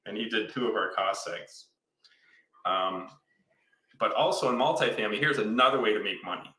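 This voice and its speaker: A man's voice: lowish voice, normal speed, pushed and bright. A man in his fifties from Michigan, an enthusiastic real estate investor who tells stories and checks in with "right?" in a casual conversation. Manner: enthusiastic, storytelling, explains with repeated "right?". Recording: roomy echo.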